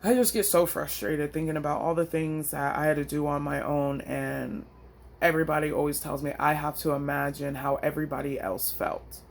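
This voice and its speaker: A woman's voice: deep voice, steady tone, normal speed, creaky, a little hiss or hum. A woman vlogger venting into her phone, frustrated and blunt, with slangy, profane talk. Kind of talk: emotional personal vent.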